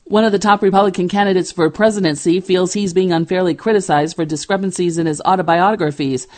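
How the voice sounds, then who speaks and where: A woman anchoring a radio news bulletin, reading stories in a crisp, measured way. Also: lowish voice, fairly even intonation, darkish tone.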